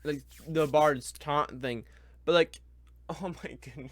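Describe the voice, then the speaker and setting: A man's voice: on the high side, slow, a little hiss or hum. Exasperated young man ranting. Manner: exasperated, ranting, muttering then loud. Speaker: reviewer. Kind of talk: live blind reaction.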